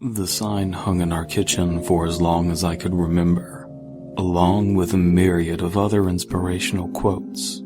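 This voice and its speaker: A man's voice: deep voice, level tone, normal speed. A man reading horror stories aloud in a dry, sardonic scripted narration. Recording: music playing behind.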